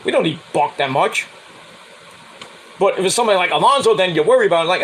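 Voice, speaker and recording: Brash New host, blunt and swearing, animated pitch swings. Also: male voice, quick pace, a little hiss or hum, rough recording. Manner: profane, blunt, mocks with high whiny voices. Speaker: podcast host. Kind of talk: casual sports rant.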